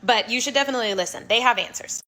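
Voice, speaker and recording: Brief: female advice commentator, blunt and matter-of-fact, bright clear tone. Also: on the high side, racing. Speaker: relationship commentator. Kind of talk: direct-to-camera advice.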